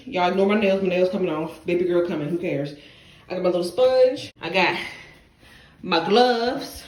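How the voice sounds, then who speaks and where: A woman's voice: mid-range voice, darkish tone. A pregnant young woman, out of breath, chatting straight to her viewers in a casual clean-with-me vlog from her bathroom. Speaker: vlogger. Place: bathroom at home. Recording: echoey home room with faint noise.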